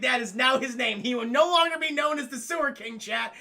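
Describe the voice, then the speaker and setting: A man's voice: very high-pitched, brisk, gravelly, hardly any pauses. A man streaming a cartoon review, chatting casually and profanely and constantly addressing his chat. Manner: animated, keeps addressing chat, swears a lot.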